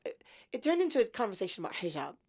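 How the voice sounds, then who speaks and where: Gravelly woman telling a lively story. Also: medium pitch, very fast. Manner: animated storyteller, self-mocking. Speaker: guest. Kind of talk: podcast interview storytelling.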